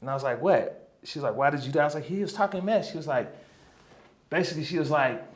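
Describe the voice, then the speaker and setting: A man talking as a guest healer in a relaxed interview, telling a long story with lots of energy. His voice sits a little high for a man. He keeps pulling the listener in with "right?" and "you know what I'm saying?". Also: quick pace.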